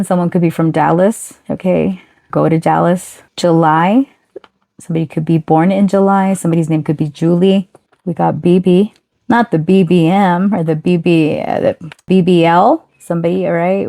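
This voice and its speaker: A woman reads tarot for her viewers in a relaxed, chatty way, calling them honey. Her voice sits a little low and sounds mellow and warm, never sharp. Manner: chatty, affectionate, calls listeners honey. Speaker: tarot reader. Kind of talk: pick-a-card tarot reading.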